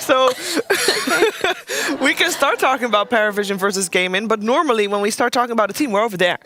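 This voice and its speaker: A man's voice: very high-pitched, lively intonation, normal speed, background noise. A man hosting an esports panel, bantering casually and laughing often. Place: studio desk.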